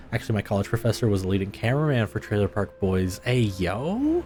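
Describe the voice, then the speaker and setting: A man's voice: on the low side, big pitch swings, fast, hardly any pauses, darkish tone, soft background music. A man streaming a game live, chatting casually with viewers in a laid-back way and laughing often.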